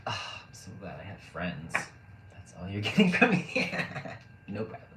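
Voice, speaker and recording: A man's voice: sits low, wildly swooping pitch, moderate pace. A man casually chatting with his live stream audience, joking, laughing often and rambling with fillers. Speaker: live streamer reading chat. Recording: roomy echo, faint background noise.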